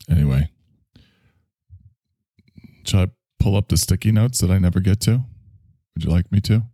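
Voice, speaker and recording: A man's voice: low-pitched, a little slow, long pauses, mellow, no room sound, studio quality. A man hosting a casual solo chat show, rambling with sarcastic asides and sighs. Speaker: host.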